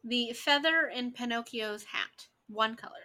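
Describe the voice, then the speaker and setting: A woman in her thirties chats through a card game with her friend and pokes fun at herself. She giggles often. Her voice is high and bright. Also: measured pace. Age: 30s. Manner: giggly and self-mocking. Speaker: co-host. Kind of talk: casual chat playing a game.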